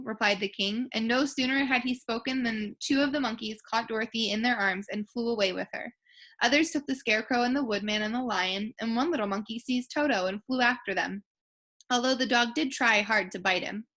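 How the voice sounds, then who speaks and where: Bright-voiced teacher reading aloud. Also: female voice, mid-range voice, moderate pace. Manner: gentle, self-deprecating, occasional restarts. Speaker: elementary school teacher. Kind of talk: reading a children's book aloud.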